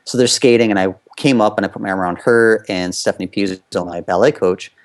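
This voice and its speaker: Guy from the states, kinda low voice, just chatting through an old story, lots of um and you know. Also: fairly quick. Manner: conversational, frequent fillers, loose run-on phrasing. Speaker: interview guest, former competitive skater. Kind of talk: candid personal storytelling.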